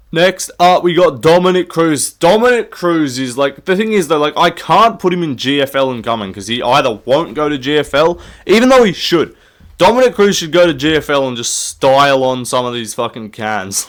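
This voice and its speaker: A man's voice: medium pitch, expressive, moderate pace, a bit bright. A young man, rambling through jokey, sweary sports commentary and laughing at himself. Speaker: YouTube MMA commentator. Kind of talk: casual comedic commentary.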